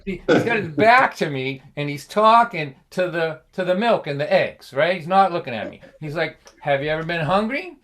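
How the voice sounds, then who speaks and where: A man telling a comic family story on a livestream, chatty and animated, laughing often and checking in with the listener. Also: a little high, normal speed, hardly any pauses, a little hiss or hum.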